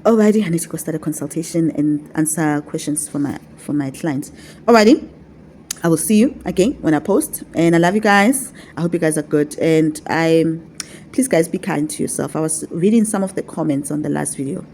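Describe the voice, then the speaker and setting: A woman with a fairly low, mellow voice teaches her online followers about spiritual practice. She talks in a casual, affectionate way and repeats her points to coax them along. A faint hiss of noise sits under her voice. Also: lively intonation, brisk. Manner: repetitive, coaxing, affectionate.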